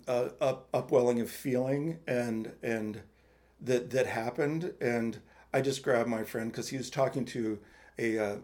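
A man co-hosting a podcast, telling a personal story in a halting, rambling way with lots of restarts. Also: medium pitch, darkish tone. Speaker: podcast co-host. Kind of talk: casual chat, personal story.

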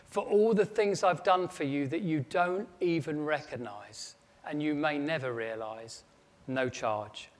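A man's voice: on the high side, a little slow, natural voice. Man speaking as a tender loving mum. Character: tender loving mother answering her son. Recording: long echo of a large hall.

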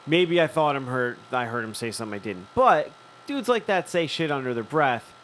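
A man's voice: medium pitch, big pitch swings, moderate pace, fairly bright tone, a little hiss or hum. Profane man telling a story. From Philadelphia. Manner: profane, acts out both sides of dialogue. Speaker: podcast co-host. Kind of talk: casual storytelling chat.

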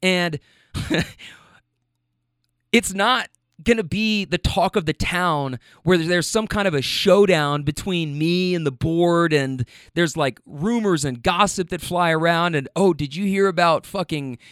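Brief: male vlogger, high voice, exasperated profane storytime rant. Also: slow pace, fairly bright tone, clear, resonant tone, dry recording, clean studio sound.

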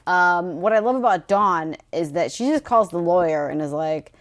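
Crude, jokey woman co-host with a low voice. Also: expressive, moderate pace. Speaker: book discussion co-host. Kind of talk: casual chat.

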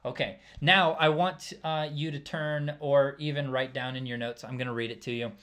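With a mid-range voice, little pitch movement and a moderate pace, this preacher keeps things conversational. He asks "right?" again and again and lowers his volume for side remarks.

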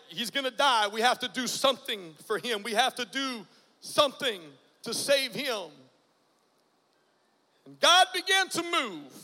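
A man in his forties preaches his testimony with a high, bright voice. He drops to a near hush, then breaks into loud bursts. His voice rings out in a large hall with a long reverb. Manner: dramatic, swings from hushed to loud bursts. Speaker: guest preacher. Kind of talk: testimony sermon.

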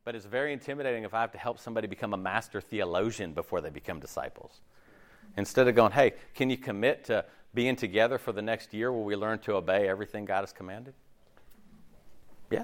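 Male pastor, sermon delivery, animated, voices shift for quotes, keeps asking okay. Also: lowish voice. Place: church.

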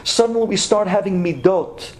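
A man's voice: sits high, moderate pace, a little mellow, roomy sound, slight background noise. A man giving a Torah class, telling a story and acting out both sides of the dialogue.

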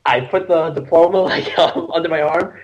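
A young man in his twenties, a podcast guest, chatting casually and telling lively stories full of laughter and shouted quotes. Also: fairly high pitch, moderate pace, muffled recording. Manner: animated storyteller, laughs often, acts out shouted quotes. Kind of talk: casual chat.

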